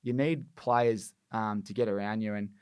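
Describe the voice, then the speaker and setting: A man's voice: lowish voice, fairly even intonation, normal speed, darkish tone, clean tone, no echo. Young aussie guy rambling through footy house stories, dry close sound. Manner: laid-back storytelling, full of fillers. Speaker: podcast guest, former footballer. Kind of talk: casual chat.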